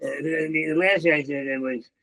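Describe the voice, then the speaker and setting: A man's voice: on the high side, moderate pace, fairly bright tone, dry recording, low-quality recording. An older man, a comedian, telling stories in an interview with heavy stammering and repeated words. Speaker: comedian guest. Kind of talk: storytelling interview.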